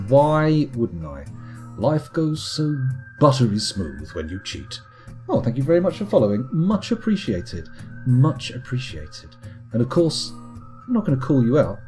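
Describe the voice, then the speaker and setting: A man's voice: medium pitch, dark tone. A man streaming a game late at night, chatting in a rambling, wry, self-mocking way to his viewers. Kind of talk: casual live-stream chat while gaming.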